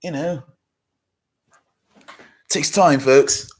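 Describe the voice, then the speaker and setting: An excitable male wildlife-show host, played by a man. He speaks well above his usual deep register, hushed and urgent as he stalks his quarry, and keeps calling the viewers folks. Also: very slow. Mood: hushed excitement.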